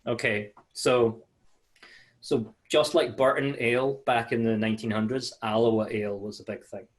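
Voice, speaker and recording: A man's voice: medium pitch, level tone, normal speed. A man giving a casual webinar presentation over a video call, friendly and chatty with many fillers and restarts. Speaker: malt sales manager giving a webinar.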